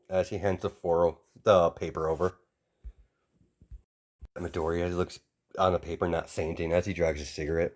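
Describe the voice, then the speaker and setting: A man's voice: low-pitched, little pitch movement, moderate pace, long pauses, a little mellow. A man narrating an improvised fan story in a casual, loose way with small stumbles.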